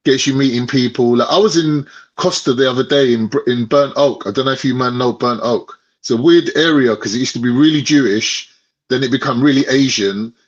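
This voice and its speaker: Slangy London man chatting casually. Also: mid-range voice. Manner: storytelling with slang and swearing. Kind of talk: casual chat. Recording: slightly dull lo-fi sound.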